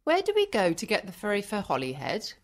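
A man's voice: high voice, wildly swooping pitch, brisk, voice pushed up. A man putting on a lovestruck young Irish bride. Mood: upset. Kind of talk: audiobook storytelling.

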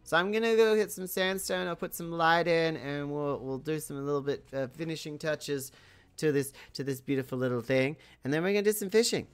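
A woman's voice: deep voice, a little fast, clean tone, soft background music. A woman hosting a building video, chatting casually and thinking aloud, with frequent small laughs. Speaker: host.

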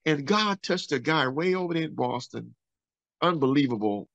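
A man with a gravelly, creaky voice tells his testimony as a pastor, animated and acting out the voices of people in his story. He speaks, recorded dry and close. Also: fairly high pitch, moderate pace, dry recording, dull audio. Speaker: podcast guest, pastor.

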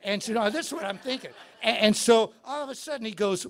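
A man giving a live guitar clinic in a music store, telling stories in an animated, excitable way. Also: sits high, fast, hardly any pauses.

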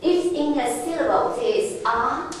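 A woman teaching a Chinese lesson in a classroom, patient and slow, often laughing and restarting her phrases. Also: high-pitched, expressive. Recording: echoey room from far off, faint noise.

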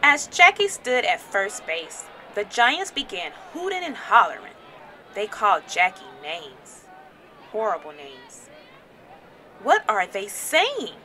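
A woman teacher reading a children's storybook aloud with expressive, animated storytelling. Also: mid-range voice, measured pace, slight background noise.

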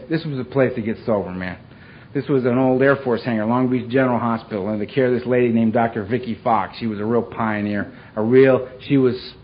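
A man speaking at medium pitch shares his recovery story with a live crowd in a meeting hall, mixing raw drama with dark humor. His speech is casual and streetwise, heavy on "man" and "you know," captured in a muffled, lo-fi recording with slight hiss.

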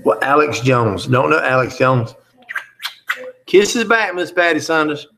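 A man's voice: medium pitch, normal speed, creaky, sharp tone, slight background noise. A man hosting a live chat, reading out viewer comments and teasing them in a joking, easygoing way.

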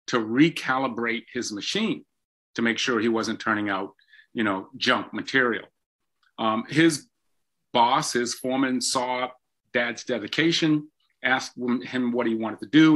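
Older guy guest on an interview, bright tense voice, tells stories lively w/ lots of ums. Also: medium pitch. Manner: animated storyteller with frequent ums. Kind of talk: storytelling in an interview.

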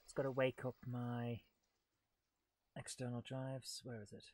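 Here a man speaks in a mid-range, mostly level voice, a touch slow and mellow, with no room sound. He's doing live let's-play commentary, chatting with his viewers in a relaxed, self-deprecating way. Game engine and vehicle noise sit noisily beneath him.

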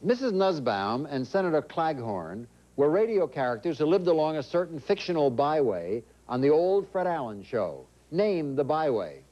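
A man hosting a quiz show in a TV studio, joking with contestants and reading questions briskly. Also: a little high, big pitch swings. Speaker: game show host. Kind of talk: quizmaster patter. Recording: dull, noisy old TV audio.

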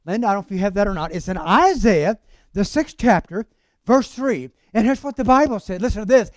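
A man's voice: sits high, lively intonation, brisk, a little mellow, no echo. A man preaching a fervent sermon at a church service, reading scripture and calling out to his congregation. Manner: fervent, calls out to the congregation for amens. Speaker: pastor.

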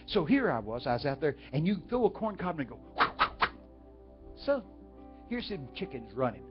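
A man's voice: fairly high pitch, sing-song, brisk. A man from Texas with a Texan accent, preaching through folksy stories and asking the crowd questions. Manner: folksy, talks directly to the audience. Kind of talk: storytelling sermon. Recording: dull lo-fi with faint music.

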